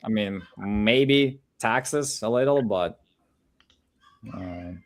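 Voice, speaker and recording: A man's voice: on the low side, slow pace. Rambling male stream co-host. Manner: rambling, with many restarts. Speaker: co-host of a live sales stream. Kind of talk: casual chat.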